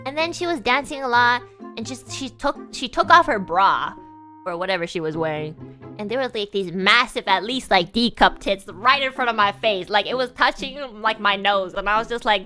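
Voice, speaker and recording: A woman VTuber telling a story casually on stream, animated, swearing freely and laughing often. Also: fairly high pitch, moderate pace, soft background music.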